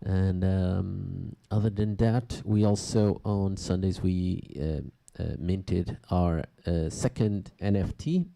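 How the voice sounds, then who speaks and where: Low gravelly-voiced man hosting a DJ show. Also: steady tone, warm tone. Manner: halting, loose talk with many fillers and restarts. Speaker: radio and podcast DJ host. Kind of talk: casual chat between tracks.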